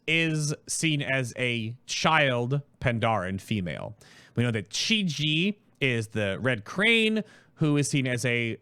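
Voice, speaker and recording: A man hosting his stream, talking casually and quickly about a project, rambling through explanations. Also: medium pitch, sharp tone, smooth, no echo. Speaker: host.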